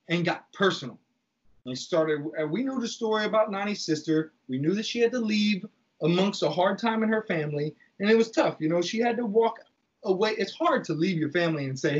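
A man's voice: sits high, animated, moderate pace, a bit bright, husky, highs cut off. A man telling a story in casual, profane talk, acting out the lines he quotes. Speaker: podcast guest recounting reality TV.

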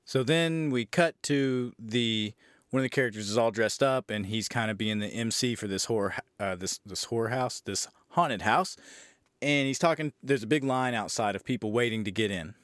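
A man's voice: mid-range voice, moderate pace, a bit bright, no room sound, clean studio sound. A man hosting a podcast, casually retelling a movie's plot with profanity, sarcasm and disbelief. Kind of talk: casual movie review recap.

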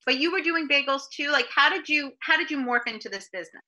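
Woman host, bright ringing voice, enthusiastic interviewer. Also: sits high, fast, low-quality recording. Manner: eager, enthusiastic questions. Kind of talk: casual interview.

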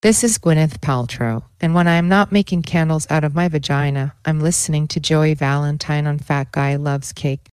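A man doing a prim falsetto celebrity woman. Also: normal speed, hardly any pauses, darkish tone, clean tone, no room sound, close to an everyday voice. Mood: smug. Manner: high mocking falsetto impression.

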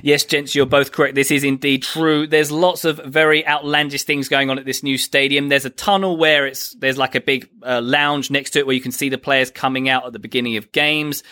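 Podcast quizmaster: man, dry and teasing, bright tone. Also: medium pitch, flat delivery, a little fast, hardly any pauses. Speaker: quiz host. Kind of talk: casual comedy podcast chat.

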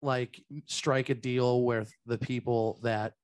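A man's voice: mid-range voice, takes it slowly, smooth. A man chatting casually and laughing on a podcast. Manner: animated, laughing, self-deprecating.

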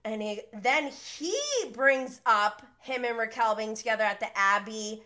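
Woman podcast host, chatty, gossipy, higher voice, acts out every quote. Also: measured pace, hardly any pauses. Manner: animated, gossipy, acts out quotes with big pitch jumps, laughs often. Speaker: podcast host recapping a reality show. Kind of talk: casual chat recap.

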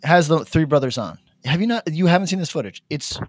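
On a podcast, a male co-host casually retells a story in animated fashion, rambling with lots of fillers and acting out quotes. His voice is fairly high and a little fast. The recording is dry.

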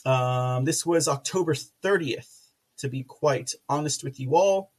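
A man hosting a casual political commentary livestream, rambling with many fillers and restarts, with sarcastic asides and loud laughs. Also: medium pitch, unhurried, slightly rough. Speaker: podcast host.

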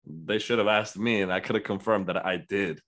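A man's voice: low-pitched, a little fast, fairly bright tone. A young man co-hosting a casual podcast, teasing and sarcastic. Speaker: podcast co-host. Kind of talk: casual chat.

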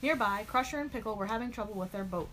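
A woman narrating a children's storybook aloud in an expressive, animated way. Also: mid-range voice, fast talker, a little hiss or hum.

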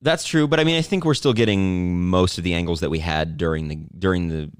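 A man's voice: low voice, brisk, clear, resonant tone, no echo, studio quality. A man hosting a casual sports podcast, talking in a playful, rambling way. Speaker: podcast host.

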